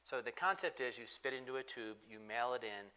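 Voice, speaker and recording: A man speaks as a doctor on a forum panel. His voice is bright and forceful at an average pitch, and he pushes his explanations along emphatically. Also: a little fast, clear, resonant tone. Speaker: physician panelist. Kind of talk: panel discussion.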